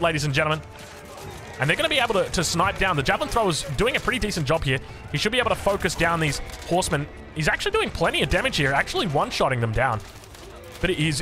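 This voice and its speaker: A man with an Australian accent casting a strategy game match with excitable, quick play-by-play commentary full of restarts. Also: a little high. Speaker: esports caster.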